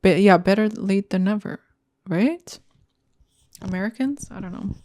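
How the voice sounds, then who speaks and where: A woman's voice: mid-range voice, a little slow, a little mellow. A young woman hosting a solo podcast, ranting in a blunt, heated and profane way. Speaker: podcast host. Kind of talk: casual solo podcast rant.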